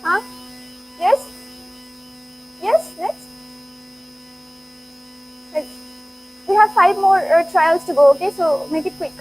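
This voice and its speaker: High-voiced playful woman lecturer. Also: moderate pace, long pauses, faint music behind, low-quality recording. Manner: playful, laughs often, urges students on. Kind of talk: interactive classroom lecture. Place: lecture hall.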